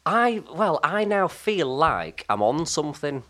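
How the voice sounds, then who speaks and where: High-voiced rambling man. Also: very animated, unhurried, a bit bright. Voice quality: high, light voice that never broke. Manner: rambling, comic tangents, self-mocking, frequent restarts. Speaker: guest. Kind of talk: casual chat.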